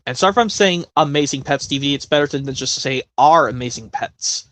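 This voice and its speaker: A man's voice: medium pitch, fast talker, a bit bright. A man hosting a casual live stream, chatting in a rambling way with many self-corrections.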